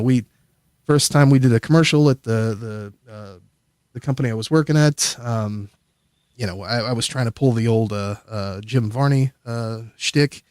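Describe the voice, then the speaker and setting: A man's voice: medium pitch, no echo, clean studio sound. A man casually telling a long, rambling, profane story as a guest on a livestream. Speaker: streamer guest.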